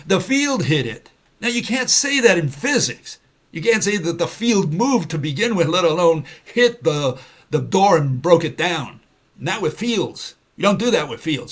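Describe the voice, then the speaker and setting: This science-skeptic livestream host has a slightly high, fairly bright voice and lectures in a rambling, argumentative, repetitive style. His speech is full of "you know" and "uh," and he mocks opponents by quoting them in mimicking voices.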